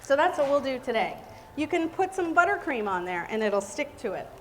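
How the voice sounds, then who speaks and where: A woman's voice: sits high, very animated, fairly quick, a bit bright. A woman giving a live cake decorating demonstration, chatty and exclamatory. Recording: reverberant hall with faint noise.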